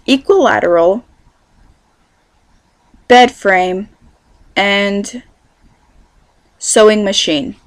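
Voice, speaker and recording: A woman's voice: mid-range voice, drawn-out words, long pauses, no echo. A chatty young woman with a Californian accent talks casually to camera, wandering from thought to thought and correcting herself as she goes. She is a vlogger in her teens, recording in her bedroom with a dry, close sound. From California, USA. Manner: chatty and rambling, many fillers and self-corrections.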